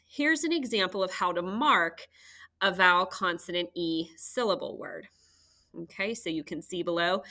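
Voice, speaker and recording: Slow, bright-voiced teacher woman. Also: on the low side. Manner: patient, sounding out words slowly. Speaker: third grade teacher. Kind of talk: phonics lesson for home learning.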